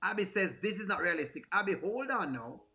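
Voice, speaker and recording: A Jamaican man with a high, bright voice talks through a reaction in a playful, teasing way. He keeps it comedic and often slips into bits of song. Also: very animated, fairly quick. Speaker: reaction video host.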